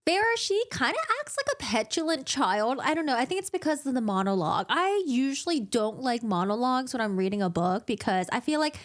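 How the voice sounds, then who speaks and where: A woman's voice: high-pitched, big pitch swings, a little fast, hardly any pauses. A woman giving a casual, chatty book recap full of joking asides.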